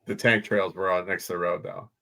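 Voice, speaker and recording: A man's voice: deep voice, level tone, a little fast, pushed and bright. A man in casual chat as a podcast co-host, telling a story in a dry, blunt way with salty slang.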